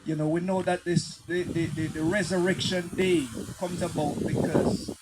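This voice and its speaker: A man, adding an earnest, measured comment in a church talk, with many fillers. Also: sits high, level tone, very noisy. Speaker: call participant. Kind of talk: sermon comment.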